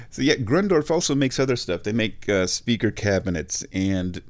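A man's voice: mid-range voice, darkish tone. A middle-aged man telling rambling personal stories in a chatty, self-mocking way, laughing at his own jokes.

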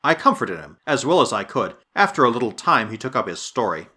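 A man narrating an adventure story in a dramatic, expressive reading style. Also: medium pitch, fairly quick. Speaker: audiobook narrator. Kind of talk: scripted narration.

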